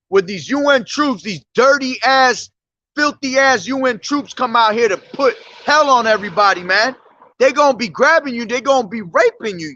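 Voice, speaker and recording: A man's voice: extremely high pitch, sharp tone, dull audio. A man preaching on the street in a blunt, profane, confrontational way.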